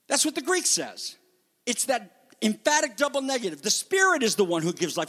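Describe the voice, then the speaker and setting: A man preaching a sermon as pastor, moving from quiet, low scripture reading to loud, high emphatic declarations. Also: big pitch swings, moderate pace. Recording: long reverb of a hall.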